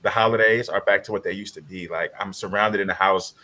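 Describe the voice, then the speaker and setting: A man's voice: sits low, fairly even intonation, quick pace, sharp tone. A man on a panel telling a personal story in an earnest, heartfelt way over a video call. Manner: earnest, heartfelt retelling with quoted dialogue.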